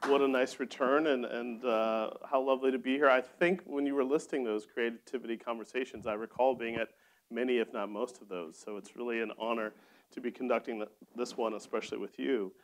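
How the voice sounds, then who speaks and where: A man's voice: medium pitch, steady tone, brisk. A man with a mid-range voice interviews a fellow poet onstage. He is friendly and tends to ask several questions in a row before letting her answer. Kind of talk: onstage conversation.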